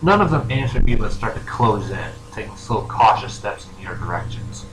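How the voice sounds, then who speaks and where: A man's voice: fairly low pitch, expressive. Man running a tabletop game, echoey and noisy. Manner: halting, many fillers and restarts. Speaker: game master. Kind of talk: narrating a tabletop role-playing game. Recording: noisy, echoey home recording.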